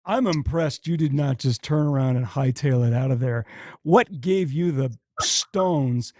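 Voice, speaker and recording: A man's voice: medium pitch, a little slow, mellow, no echo, clean studio sound. A man hosting a podcast interview, talking in a casual, blunt way with some swearing. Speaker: podcast host.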